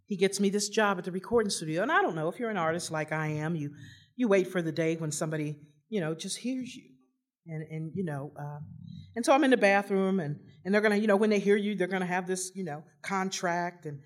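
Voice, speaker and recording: A woman telling a humorous personal story, rambling with lots of fillers and restarts, poking fun at herself. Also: lowish voice. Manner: rambling, many fillers and restarts, self-mocking. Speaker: storyteller giving a personal testimony.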